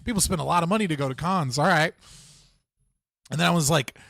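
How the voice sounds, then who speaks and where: A man's voice: fairly high pitch, fast, gravelly, fairly bright tone, dry recording, clean studio sound. Profane, rambling young man streaming live. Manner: rambling, profane, laughs often, restarts a lot. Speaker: livestream host. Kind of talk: casual livestream chat.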